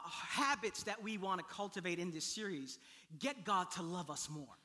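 A man in his thirties preaching a sermon as pastor, animated and building to near-shouts at the high points. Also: normal speed.

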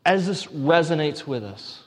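A man's voice: a little high, animated, unhurried. Earnest male preacher in a reverberant hall. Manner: earnest, with restarts and emphatic repetition. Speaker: pastor. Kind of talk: sermon.

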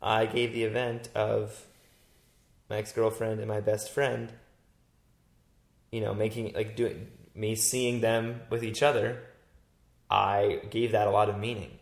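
A man hosting a casual talk, telling stories in an animated, rambling way and acting out his own thoughts. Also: lowish voice, a little slow, creaky, pauses often. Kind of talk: casual chat. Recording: roomy echo.

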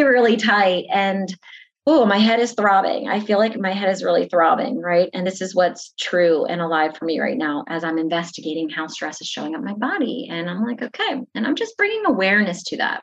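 A woman talking as a podcast guest, explaining a coping method in a chatty, animated way and acting out bits of inner self-talk. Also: on the low side, slightly rough, lo-fi sound. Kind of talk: conversational teaching.

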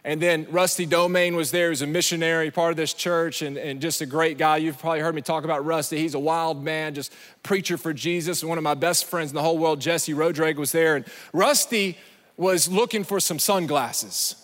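A man's voice: fairly high pitch, steady tone, brisk, fairly bright tone. A male pastor preaching an emphatic sermon in a church sanctuary, repeating phrases and putting questions to his congregation. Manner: emphatic, repeats himself, asks the crowd questions. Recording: long reverb of a large church hall.

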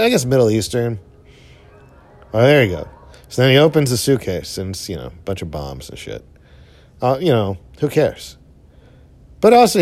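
Rambling young man reacting to a film. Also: dry recording. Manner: rambling, filler-heavy, swears casually; enthusiastic, pitch jumps up when excited. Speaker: film commentator. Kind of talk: casual movie commentary while watching.

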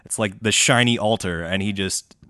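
A man's voice: lowish voice, normal speed, bright, forceful tone, no room sound. A man hosting a podcast, telling a history story with casual swearing and jokes. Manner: laid-back, swears casually, laughs at own jokes. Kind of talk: comedic storytelling chat.

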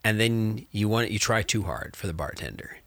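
A man chatting casually as a game master, animated and rambling, with many fillers. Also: on the low side, moderate pace, no room sound. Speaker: game master, podcast co-host. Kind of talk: casual chat.

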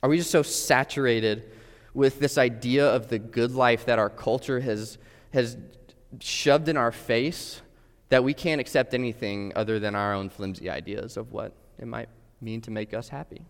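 A man's voice: medium pitch, fairly even intonation, moderate pace. A man preaching a sermon, earnest and direct, putting questions straight to his listeners. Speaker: pastor. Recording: long hall reverb.

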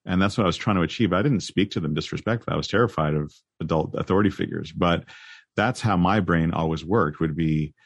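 Man, very low voice, dry, precise, wry host. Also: fast, vocal fry, slightly rough, no room sound, lo-fi sound. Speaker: podcast host. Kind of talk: casual chat and scripted narration.

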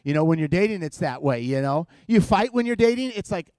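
A man's voice: a little high, animated, fairly quick, darkish tone, no echo. A man preaching as a guest in church, opening with playful, teasing, self-mocking humor to a live congregation.

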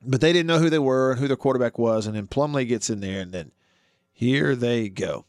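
Animated male sports radio host. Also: mid-range voice, a little fast, no echo, studio quality. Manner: animated, argues with himself, asks listeners questions.

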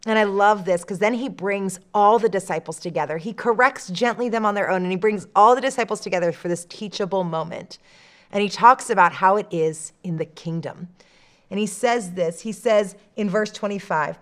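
Earnest woman giving a devotional talk. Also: moderate pace. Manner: earnest, emphatic, with dramatic dips in pitch on key phrases. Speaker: church staff devotional speaker. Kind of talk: podcast devotional teaching.

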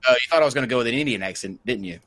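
A man's voice: medium pitch, animated, very fast, a bit bright, dry recording. A man hosting a live online show, giving step-by-step instructions and joking along the way. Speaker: host.

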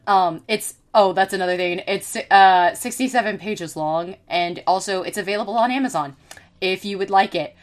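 A woman's voice: mid-range voice, moderate pace. A woman podcast host reading an article aloud in a casual way, with many ums and self-corrections.

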